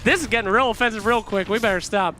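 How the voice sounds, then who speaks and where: A man casting a video game match with play-by-play commentary, joking, laughing often and shouting in big moments. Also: sits high, fast talker, background noise. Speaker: esports caster.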